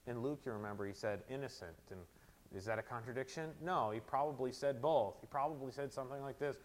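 A man preaching a sermon, moving between quiet, close teaching and loud, emphatic proclamation. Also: medium pitch, fast talker. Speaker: pastor.

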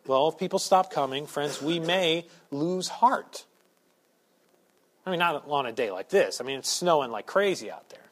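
A pastor preaching a sermon to his church, shifting from quiet asides to loud, emphatic points. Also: a little high, expressive, moderate pace. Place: church sanctuary.

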